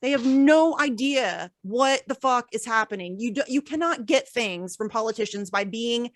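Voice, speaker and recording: A woman's voice: fairly high pitch, expressive, moderate pace, no room sound, studio quality. A woman hosting a political podcast, blunt and exasperated, swearing often in heated casual chat. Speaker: podcast host.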